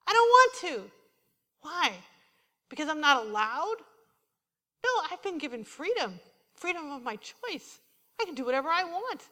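A woman's voice: sits high, normal speed, pauses often, in a large hall. A woman preaching a sermon in a church, telling personal stories and acting out what people said to her. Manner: animated storytelling, quoting herself and others. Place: church sanctuary.

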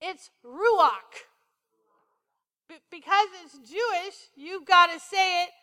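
Lady preacher w a really high bright voice, takes her time, playful, asks the crowd stuff. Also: fairly even intonation, normal speed, in a large hall. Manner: playful, asks the congregation questions. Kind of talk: sermon.

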